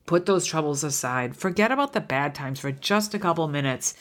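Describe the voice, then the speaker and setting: A heartfelt woman in her fifties hosts a podcast in a slightly low voice. She speaks earnestly, often restarting her sentences as she reflects out loud. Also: expressive, fairly quick. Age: 50s. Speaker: podcast host.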